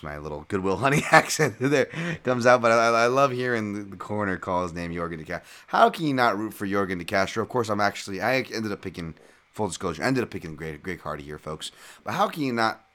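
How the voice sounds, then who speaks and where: A man's voice: sits low, fairly bright tone. A man hosting a podcast and breaking down fights in a chatty, slangy way, talking to his listeners as folks. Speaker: podcast host. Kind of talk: casual fight analysis.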